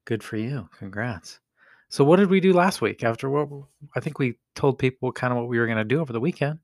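A man's voice: mid-range voice, animated, fairly quick, a little mellow, no room sound, studio quality. A middle-aged man co-hosting a casual family podcast with his young daughter, playful and joking, laughing often. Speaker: podcast co-host, father.

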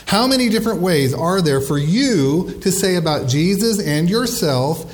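A middle-aged man, a pastor, preaching a sermon and slowing down to stress key phrases. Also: high-pitched, lively intonation.

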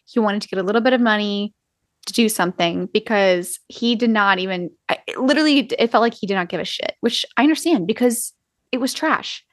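A woman's voice: mid-range voice, a little fast, a bit bright, no room sound. Casual female podcast co-host, frank and chatty, mid-range voice, dry close sound. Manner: blunt, swears freely, lots of "like". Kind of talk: casual chat.

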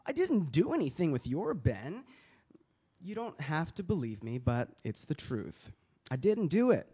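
A man's voice: a little high, big pitch swings, warm tone, husky, exaggerated voice. An actor playing a charming male sociopath who speaks hesitantly, in an audio drama reading. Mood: evasive. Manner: hesitant, halting denial.

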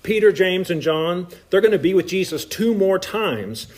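A man from Appalachia with a Southern Appalachian accent delivers a sermon in church. His voice sits fairly high, and he preaches in an animated, folksy way, chatting with the congregation between points. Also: normal speed. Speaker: pastor.

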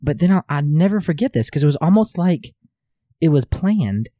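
A young man with a mellow, warm voice at a middle pitch, telling a slow, deliberate story in casual chat. His voice sounds dry and close to the mic. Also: very animated, no room sound. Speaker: podcast co-host.

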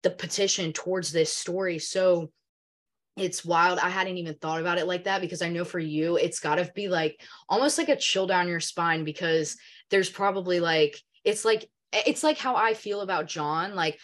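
A woman's voice: on the low side, moderate pace. A young adult woman co-hosting a podcast, talking candidly and emotionally in casual chat with some swearing. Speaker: podcast co-host.

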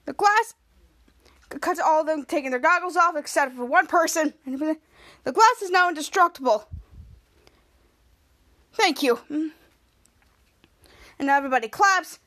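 A woman's voice: sits high, normal speed, pauses often, sharp tone. A woman hosting a podcast, recapping a TV episode scene by scene and acting out the characters' lines. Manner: retells scene by scene, acting out quotes. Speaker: podcast host.

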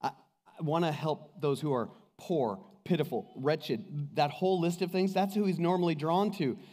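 This sermon comes from a pastor whose voice is fairly high in pitch, at normal speed. Animated stories fill it, and he performs the voices of the people he quotes, all captured in a reverberant hall.

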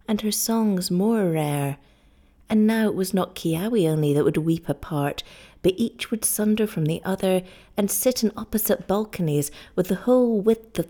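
A woman narrating a story aloud in a measured, even way. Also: on the low side. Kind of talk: scripted audiobook narration.

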